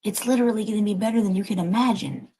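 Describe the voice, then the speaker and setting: A woman reads tarot cards for a live audience in a mid-pitched voice, pressing her points with blunt, encouraging insistence. She is emotional and casual, and drops in swear words as she urges listeners on. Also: racing, dark tone, slight background noise, low-quality recording. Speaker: tarot reader. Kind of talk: livestreamed collective card reading.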